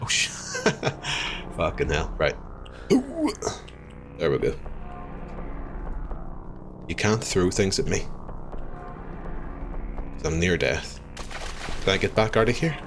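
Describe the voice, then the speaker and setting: Very deep-voiced man streaming. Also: wildly swooping pitch, takes it slowly, long pauses, over music. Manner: chatty, swears freely, reacts loudly to the game and chat. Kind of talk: live gameplay commentary.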